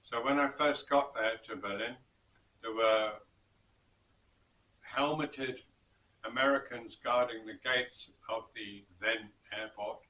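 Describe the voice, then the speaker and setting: A man recounts an old story at an unhurried pace, drifting and pausing as he goes. His voice is bright and clear. He sits back from the mic in an echoey room. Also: mid-range voice, fairly even intonation, distant mic. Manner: slow and rambling, with pauses and self-corrections. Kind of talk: casual spoken storytelling.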